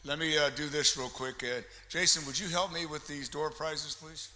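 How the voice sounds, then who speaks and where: A man emcees a live chamber of commerce meeting, chatting and joking with the crowd as he gives out door prizes and introduces a guest. His slightly high voice is bright and forceful, steady in tone at normal speed, in a reverberant hall with faint background noise.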